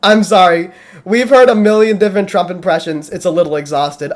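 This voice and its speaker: A man's voice: high voice, moderate pace. A male host of a live call-in debate stream, arguing bluntly and heatedly with frequent swearing.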